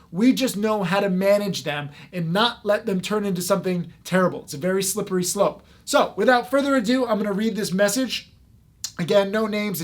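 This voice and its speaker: A man with a fairly high voice teaches stock trading straight to the camera. He talks fast and with emphasis, leaning on frequent fillers as he goes. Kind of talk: direct-to-camera talk.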